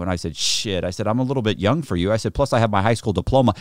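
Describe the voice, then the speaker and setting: A man's voice: low-pitched, quick pace, few pauses, no echo, clean studio sound. A middle-aged man, a podcast guest, telling a story in casual, profane talk and acting out the people in it. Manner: profane, animated, acts out the other people in his story.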